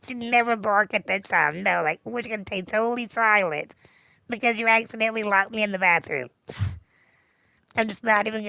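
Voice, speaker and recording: A woman's voice: mid-range voice, vocal fry, dry recording, highs cut off. Rambling, foul-mouthed woman streamer. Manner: rambling, profane, animated storytelling. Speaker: game streamer. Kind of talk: casual chat.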